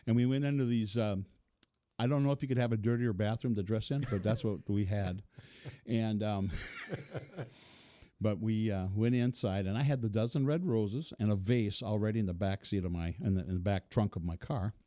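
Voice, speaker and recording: A middle-aged man with a low, warm, mellow voice tells a personal story. He chuckles often and acts out the quotes. The recording is close and dry, with no room sound. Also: moderate pace, dry recording. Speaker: interview guest.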